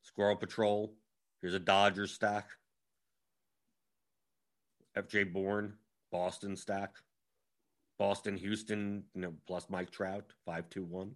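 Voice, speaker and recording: Low-pitched and showing little pitch movement, a man analyzes fantasy sports in a relaxed strategy rundown. He talks fast and jumps around, thinking aloud as he scrolls and rattles off lineups.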